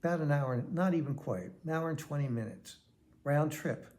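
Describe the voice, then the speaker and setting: Older man, gravelly, candid storytelling vlog. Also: a little high, moderate pace, darkish tone. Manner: rambling, candid, with restarts. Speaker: vlogger. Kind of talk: personal storytelling.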